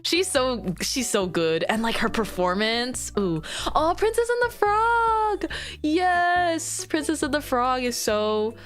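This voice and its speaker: Giggly streamer girl chatting away, voice bouncing up and down, little music playing low behind her. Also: big pitch swings, slow. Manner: bubbly and giggly, chatters and rambles. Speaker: VTuber streamer. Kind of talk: casual stream chat. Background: faint background music.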